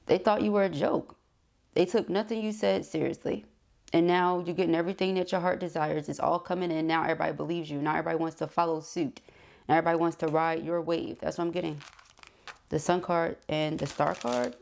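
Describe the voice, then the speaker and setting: Gravelly low-voiced woman reading tarot. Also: a little hiss or hum. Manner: fast, excited, laughing at herself. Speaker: tarot reader.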